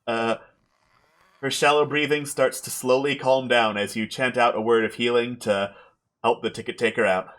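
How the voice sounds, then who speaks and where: A man narrating as game master of a tabletop game, relaxed with frequent fillers. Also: medium pitch, moderate pace.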